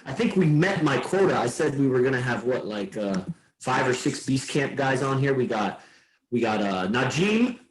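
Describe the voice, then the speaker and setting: A man's voice: mid-range voice, lively intonation, normal speed. A man hosting a podcast, talking loosely and meandering, swearing now and then. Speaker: podcast host. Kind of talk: casual rambling chat. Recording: roomy echo.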